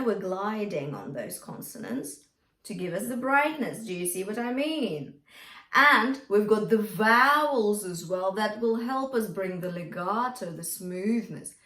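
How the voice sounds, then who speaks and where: Woman vocal coach, roomy distant sound. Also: mid-range voice. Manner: encouraging, checks in with "yeah?" often, demonstrates by singing. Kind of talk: singing lesson to camera.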